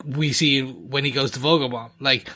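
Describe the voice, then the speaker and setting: A man co-hosting a podcast in casual chat, animated and slipping into impressions of as he talks. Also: medium pitch, moderate pace. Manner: animated, mimics accents while talking. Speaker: podcast co-host.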